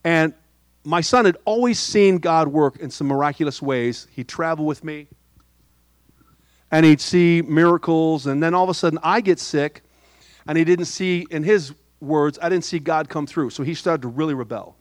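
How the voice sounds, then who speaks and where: Middle-aged male pastor, light higher voice, soft-spoken sermon storyteller, dry sound. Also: moderate pace, dry recording. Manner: storytelling with humor and quoted dialogue.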